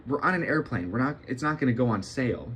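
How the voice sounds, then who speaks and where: Man acting as flight attendant, exasperated, flat explaining tone. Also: mid-range voice, quick pace, a little hiss or hum, natural voice.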